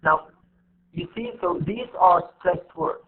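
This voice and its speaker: Guy teaching english stress online, highish voice, tinny call audio. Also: very animated. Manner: switches between slow, drawn-out English demonstrations and rapid Arabic explanation. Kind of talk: online class explaining word stress.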